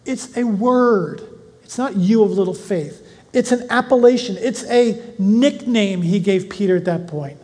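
A Bible teacher who reads scripture slowly, then explains it in a chatty way and asks the listeners questions. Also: mid-range voice, mellow. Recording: long hall reverb.

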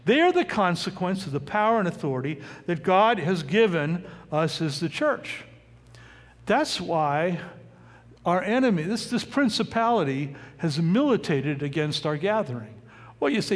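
A male pastor preaching a sermon in a lively, conversational way, often asking the congregation questions. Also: sits high, normal speed, in a large hall.

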